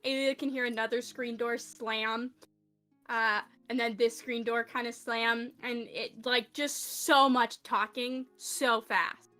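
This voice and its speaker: A woman's voice: on the high side, fairly even intonation, slow, pushed and bright, faint music behind. A woman playing a tabletop role-playing game, chatty and a little hesitant. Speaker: player.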